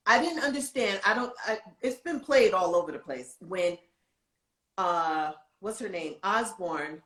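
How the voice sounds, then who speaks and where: A woman co-hosting a casual talk show, chatting and recounting events with animated energy. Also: medium pitch, echoey room, low-quality recording. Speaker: co-host.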